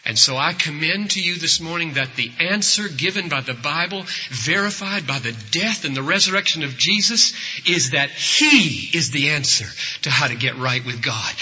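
A male pastor delivers a sermon with a forceful, bright and somewhat raised voice. He tells his stories dramatically and acts out the people in them. The recording sounds dull and lo-fi, with a long reverb from an echoey hall. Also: fairly high pitch, animated, moderate pace, slightly rough. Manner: dramatic storytelling, acting out quoted voices. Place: church service before a congregation.

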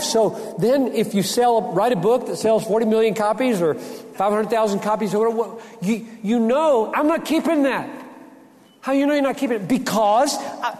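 A man in his sixties giving a conference talk, animated and joking, often restarting his sentences. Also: very high-pitched. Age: 60s. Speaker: conference speaker. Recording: reverberant hall.

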